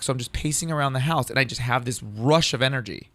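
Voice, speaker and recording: A man in his thirties, a comedian, telling a story in casual talk, profane and animated, acting out what others said. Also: mid-range voice, quick pace, no room sound. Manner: animated, profane, acts out quoted dialogue. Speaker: comedian guest.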